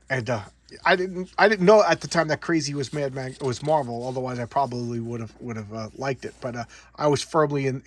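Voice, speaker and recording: A man's voice: mid-range voice, no room sound. A middle-aged man casually reviewing old comic books, rambling with frequent stammered repeats. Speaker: comic book collector host.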